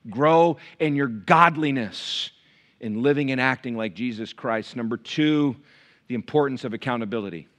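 A middle-aged man preaching a sermon as pastor, animated and storytelling, swinging between loud bursts and hushed asides. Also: mid-range voice, moderate pace.

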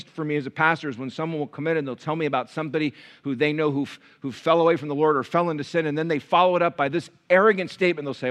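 A man pastor preaching a sermon, swinging from loud, pleading climaxes to quiet, intimate stretches. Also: a little high, steady tone, very fast, few pauses. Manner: preaching with sudden loud rises and soft drops.

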